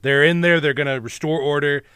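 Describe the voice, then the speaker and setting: A man's voice: a little high, fairly even intonation, fairly quick, fairly bright tone, clean tone, no echo. Wry joking man, dry close sound. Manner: wry, joking, laughs often. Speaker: podcast co-host. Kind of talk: casual movie recap chat.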